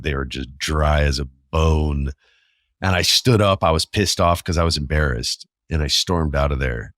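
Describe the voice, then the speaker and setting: A man in his forties with a very low voice, talking loosely and swearing freely as he tells a story on his podcast. He gets animated and acts out both sides of the arguments he remembers. The sound is dry and close, with no room around it. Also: no echo. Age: 40s. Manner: animated, profane, acts out quoted exchanges. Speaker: podcast host. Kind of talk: casual storytelling monologue.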